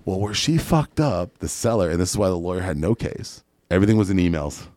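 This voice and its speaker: A man with a very low voice tells a story on a podcast in a blunt, profane way and acts out what other people said. He sounds close and dry, with no room echo. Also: sing-song, fairly quick, mellow. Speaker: guest entrepreneur.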